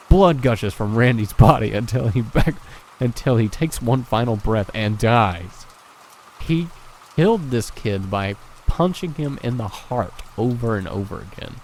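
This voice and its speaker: Low-voiced man reading a horror story. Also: a little hiss or hum, rough recording. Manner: casual, swears, laughs, breaks off to comment. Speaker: creepypasta reader and reactor.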